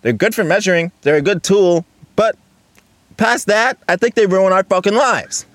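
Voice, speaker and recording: A man hosting a solo casual podcast, rambling and swearing, jumping between loud outbursts and low mutters, recorded on a phone and laptop. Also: normal speed, dry recording. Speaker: podcast host.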